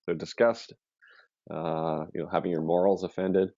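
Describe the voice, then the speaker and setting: A low-key man with a very deep voice talks through his process in quiet murmurs. His sound is dry and dull, like a lo-fi stream. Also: steady tone, moderate pace, dry recording. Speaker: co-host, practitioner. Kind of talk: live-stream session narration.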